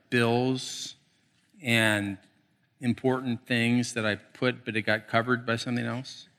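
A middle-aged male pastor preaching a sermon, telling animated stories with playful asides. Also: fairly high pitch.

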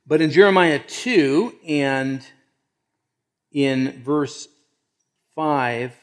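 A man preaching a sermon and reading scripture aloud, swinging between loud emphasis and hushed asides. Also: mid-range voice, very slow, long pauses. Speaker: pastor.

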